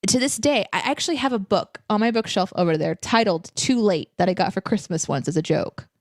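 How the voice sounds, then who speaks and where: A woman's voice: medium pitch, fairly quick, no echo, clean studio sound. Chatty woman hosting a live chat. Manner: animated, chatty storytelling with fillers. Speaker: co-host. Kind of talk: casual live chat, reading viewer questions. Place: home room.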